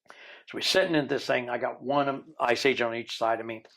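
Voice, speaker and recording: A man in his sixties, a podcast guest, telling a long story in a lively way and acting out the people he quotes. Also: mid-range voice, moderate pace. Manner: animated storyteller who mimics the people he quotes.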